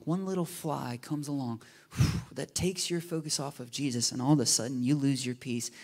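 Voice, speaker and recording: A man preaching a sermon in a casual, animated way, often checking in with his listeners with "right?" and "you know?". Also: mid-range voice. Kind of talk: conversational sermon.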